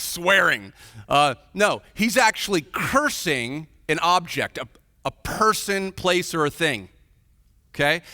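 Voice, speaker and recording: A man preaches from the pulpit in a lively storytelling sermon, slipping into the voices of the people he quotes. His voice is bright and forceful, sitting a bit high for a man. The sound rings out with a long reverb from a big church hall. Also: clean studio sound. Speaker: pastor.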